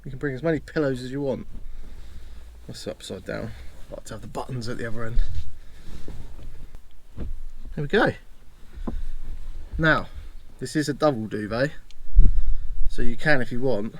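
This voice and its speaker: A man's voice: mid-range voice, normal speed, long pauses, a bit bright, a little hiss or hum. A man giving a casual, self-mocking walkthrough of his campervan bed and cooking setup, chatting as he works. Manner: chatty, self-mocking, talks while doing tasks. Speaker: van owner showing his setup. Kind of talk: casual demo chat. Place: inside a parked campervan at home.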